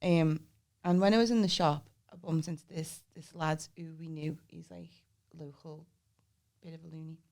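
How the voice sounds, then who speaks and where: A woman's voice: sits low, fairly even intonation, moderate pace, gravelly, warm tone. A woman, co-hosting a podcast and telling stories in a chatty way, laughing often. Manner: chatty, laughs a lot, acts out quoted voices. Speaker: podcast co-host. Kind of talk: casual chat, storytelling.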